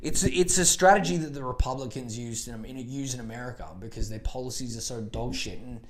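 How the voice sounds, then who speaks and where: A man's voice: medium pitch, a little fast. A man in an average register hosts his own podcast, ranting casually about politics. He swears freely and rambles, circling back with fillers and false starts. His tone stays heated and opinionated throughout. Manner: profane, rambling, animated rants with many fillers. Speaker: podcast host.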